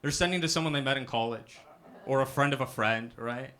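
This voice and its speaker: Bright-voiced young man doing stand-up. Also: medium pitch, fairly quick. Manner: self-deprecating, asks "right?" after punchlines. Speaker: stand-up comedian. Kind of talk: stand-up set. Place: comedy club stage with a live audience.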